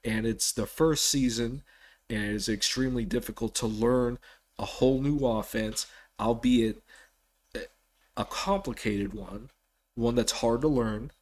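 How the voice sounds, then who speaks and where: A man hosts a solo sports podcast in an unhurried, drawn-out way. He rambles, restarts his sentences and breaks into animated bursts of excitement. His voice sits at an ordinary mid pitch. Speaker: podcast host.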